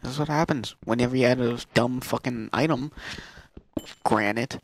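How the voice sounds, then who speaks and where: Gravelly, goofy gamer guy. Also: medium pitch, moderate pace, a little hiss or hum. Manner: rambling, swearing, goofy. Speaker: let's player. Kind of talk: casual gameplay commentary.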